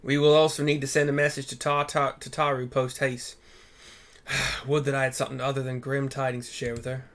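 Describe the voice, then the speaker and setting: A man's voice: medium pitch, little pitch movement, a little fast, fairly bright tone, natural voice. A man reading a formal male fantasy scholar's game dialogue aloud in an attempted Texan accent, with stiff old-fashioned phrasing. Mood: grave, earnest.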